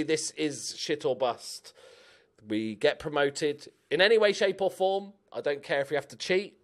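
A young man giving chatty, animated commentary while playing a game, cheering on his players. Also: medium pitch. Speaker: gaming YouTuber. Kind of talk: casual let's-play commentary.

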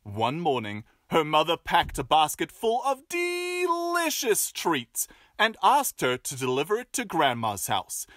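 A storyteller reading a fairy tale aloud with playful asides and expressive delivery. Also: mid-range voice, unhurried, hardly any pauses, dry recording, studio quality.

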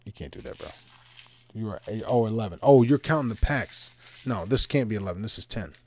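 A man hosting a live trading card box break, bantering loudly with viewers and teasing them in coarse language. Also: on the low side, lively intonation, fairly quick.

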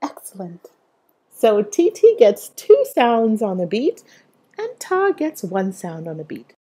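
A woman's voice: fairly high pitch, wildly swooping pitch, mellow, breathy edge. A young woman teaching a music lesson to small children, cheerful and encouraging, inviting them to say rhythms along with her. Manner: slow, cheerful sing-song teacher talk with call-and-response prompts.

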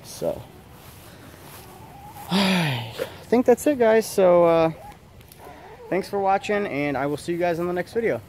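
A man's voice: high voice, expressive, slow pace, long pauses, a little mellow, slight background noise. A man casually chatting as a vlogger, outdoors in his backyard, in an easygoing, chatty way. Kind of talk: casual chat.

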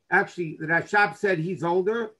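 Male rabbi, earnest storyteller; husky, fairly high-pitched voice. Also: a little slow, sharp tone, rough recording. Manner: earnest storyteller, dropping in Hebrew and Yiddish terms. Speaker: rabbi teaching a Torah class. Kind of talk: storytelling Torah lesson.

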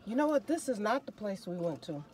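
A woman's voice: mid-range voice, big pitch swings, fairly quick, darkish tone, a little hiss or hum. A woman co-hosting a food vlog from inside a parked car, chatting casually and savoring each bite with approving hums. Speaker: vlog co-host. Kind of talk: casual food-tasting chat.

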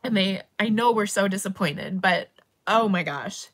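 A woman's voice: mid-range voice, unhurried, slightly rough. A middle-aged woman hosting a casual livestream, emotionally retelling a story and tearing up as she talks. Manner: emotional, tearful retelling with rising excitement. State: crying. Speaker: craft channel host.

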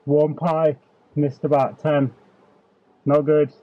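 Laid-back slow-talking man. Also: on the high side, level tone, muffled recording. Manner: laid-back, swears mildly, mutters to himself. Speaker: fishing vlogger. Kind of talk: casual vlog commentary. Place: outdoors on a canal bank.

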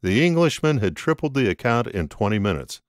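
A man narrating an audiobook in an expressive, scripted reading. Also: mid-range voice, brisk, no room sound, clean studio sound.

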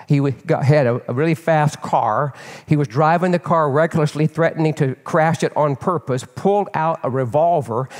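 An older man preaching as a pastor and telling a personal story in an animated, candid way, often repeating words as he builds. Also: a little high. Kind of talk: storytelling sermon. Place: church sanctuary. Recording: long reverb of a church hall.

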